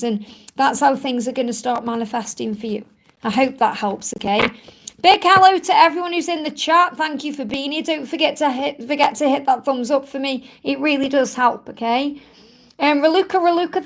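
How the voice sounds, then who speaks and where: A woman's voice: high voice, low-quality recording. A woman hosting a live-stream psychic card reading, chatty and reassuring, rambling with many asides.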